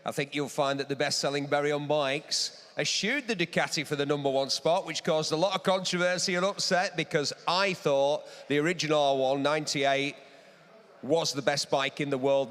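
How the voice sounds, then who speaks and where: A man's voice: on the high side, fairly bright tone. A man co-presenting an auction stream, chatty and knowledgeable, talking up a motorcycle in a matey way. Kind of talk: enthusiast commentary on a motorcycle. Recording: long reverb of a large hall.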